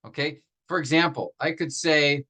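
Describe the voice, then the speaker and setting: A man with a higher-pitched voice and fairly even intonation teaches a grammar lesson, sounding pushed and bright on poor audio. He explains patiently step by step, poses rhetorical questions to the class, uses many fillers and restarts, and slows down to stress example phrases.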